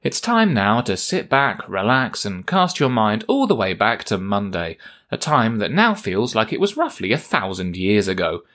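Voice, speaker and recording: A man's voice: fairly low pitch, sing-song, normal speed, fairly bright tone, soft background music. A man hosting a satirical news segment with a wry, mock-solemn delivery. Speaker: host.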